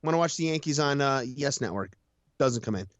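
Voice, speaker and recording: A man's voice: medium pitch, animated, a little fast, no room sound. A tired man co-hosting a casual racing chat show, rambling and laughing at himself. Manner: rambling, self-deprecating, laughs often. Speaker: co-host, race announcer.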